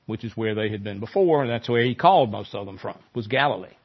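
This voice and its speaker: A male pastor preaching a sermon in a conversational way, growing animated when he quotes scripture. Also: fairly low pitch, fast talker, few pauses, breathy edge, muffled recording.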